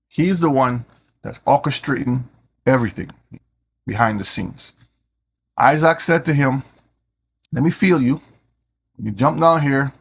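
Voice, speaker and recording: A man teaching scripture in an animated way, often repeating words as he starts a sentence. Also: fairly high pitch, vocal fry, husky. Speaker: Bible teacher.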